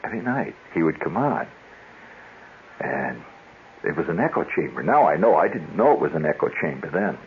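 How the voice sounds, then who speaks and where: A radio host with a low, very animated voice speaks at a moderate pace, a little hiss or hum audible on the dull lo-fi 1970s broadcast. His monologue rambles through wry stories, and he keeps cutting himself off.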